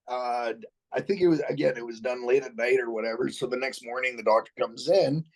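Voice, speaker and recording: A man's voice: medium pitch, fairly quick, poor audio. A man being interviewed as a podcast guest, telling a story casually and bluntly, swearing freely, restarting his sentences and chuckling along the way.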